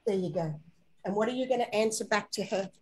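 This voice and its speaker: Soft-spoken woman leading a healing session, slow and coaxing, calls you darling. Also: mid-range voice, breathy edge, poor audio. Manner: soft, slow, coaxing guidance with gentle endearments. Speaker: spiritual healer guiding a session. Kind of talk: guided inner-child healing session.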